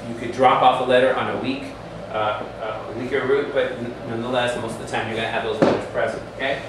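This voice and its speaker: A man leads a classroom lesson, drilling students patiently and checking in often. His voice is at an ordinary pitch and sounds distant, recorded from across a very echoey hall. A faint hum sits behind him. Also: fairly even intonation, fast talker. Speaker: Hebrew teacher.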